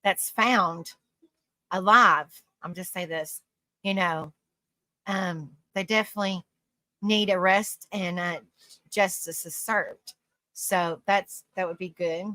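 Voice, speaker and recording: A woman's voice: fairly low pitch, steady tone, slow, sharp tone, no room sound. A woman hosting a casual livestream, reading viewers' comments aloud, laughing often and rambling through restarts, calling people honey and sweetie. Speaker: live stream host.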